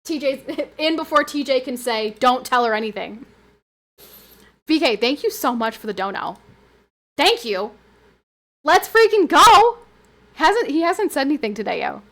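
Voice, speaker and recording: A woman streamer in a loose, chatty flow, laughing often and now and then breaking into excited high squeals. Her voice sits a little on the high side. She reads her viewers' messages aloud and talks straight back to them. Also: unhurried, pauses often. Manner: animated and giggly, with sudden high squeals. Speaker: livestreamer. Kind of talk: casual livestream chat, reading chat aloud.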